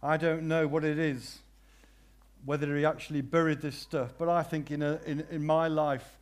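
A man preaching a sermon, swinging from hushed, prayerful phrases to loud cries and repeating his questions for emphasis. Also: fairly high pitch, little pitch movement, moderate pace.

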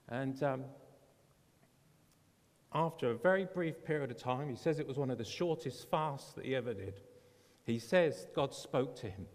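A man's voice: medium pitch, moderate pace. A man preaching as a pastor, earnestly retelling a story and quoting the people in it. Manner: earnest, retells stories with quoted voices. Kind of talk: sermon storytelling. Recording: long hall reverb.

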